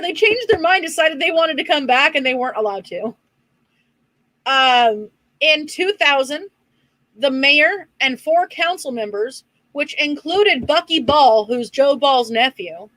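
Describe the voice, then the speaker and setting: Lady cohost reading her crime notes, pretty high voice, dry close mic. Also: fairly bright tone, no echo, rough recording. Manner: reads facts from notes, dry asides. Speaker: podcast co-host presenting research. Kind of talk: casual true-crime podcast chat.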